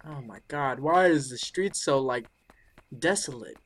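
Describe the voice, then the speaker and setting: A gamer talks slowly through a horror game at a desk microphone, muttering thoughts and swearing often. The voice swings widely in pitch and leaps into sudden high shrieks whenever something startles them. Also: lively intonation, breathy edge. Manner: muttering and thinking aloud between scares. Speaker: gaming video creator. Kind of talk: let's play horror game commentary.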